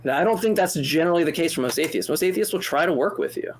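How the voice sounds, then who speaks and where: Exasperated fast-talking man. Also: a little high, husky. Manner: animated, exasperated, profane; speaks in fast bursts with restarts. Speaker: co-host answering a caller. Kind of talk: heated call-in debate.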